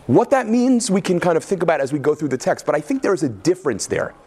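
Lively male lecturer, slightly high voice, questioning class style. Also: fast talker, breathy edge. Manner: animated, questioning, frequent "right?". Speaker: teacher.

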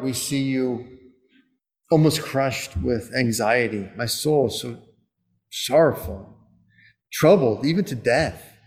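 A man preaching a sermon in an earnest, conversational way, turning at times to spoken prayer, probably a priest. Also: mid-range voice. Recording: long reverb of a church.

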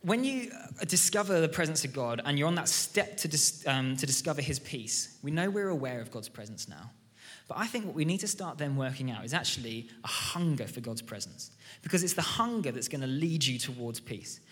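A man's voice: medium pitch, lively intonation, brisk, fairly bright tone. A man preaching a sermon in an enthusiastic, conversational style and telling stories from the pulpit. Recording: reverberant church hall.

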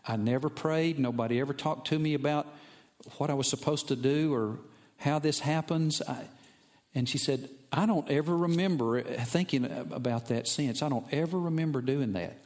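A man's voice: on the high side, normal speed, a little mellow. A middle-aged man, preaching a sermon and telling a personal story, building to impassioned emphasis. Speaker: pastor.

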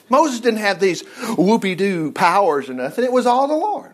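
A man's voice: very high-pitched, animated, moderate pace. A man teaching the Bible in a casual, folksy, rambling way with joking asides.

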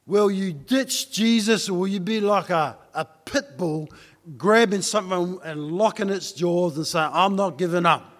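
A male pastor delivers a sermon in a high voice and at a slow, deliberate pace. He talks casually and keeps coming back to the same pointed questions for the congregation. His voice rings out with a long reverb from the church hall. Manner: repeats rhetorical questions to the congregation; tells a joke story in a loose, conversational way.

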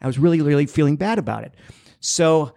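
A young man telling a long, rambling story on a casual podcast, jumping into high-pitched voices for the people in it. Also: lively intonation, brisk, vocal fry, dark tone, no room sound, studio quality. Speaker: podcast co-host.

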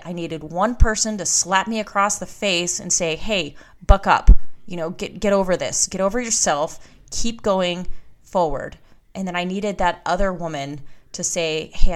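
A woman hosting her own podcast, talking candidly and emphatically in a motivational monologue. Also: lowish voice. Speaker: podcast host. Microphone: podcast microphone.

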